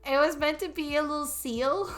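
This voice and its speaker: A woman's voice: high voice, normal speed. A young Swedish woman with a Swedish accent, chatting casually and rambling while she draws on a stream. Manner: chatty, rambling with restarts and fillers. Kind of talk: casual chat while drawing. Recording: faint music behind.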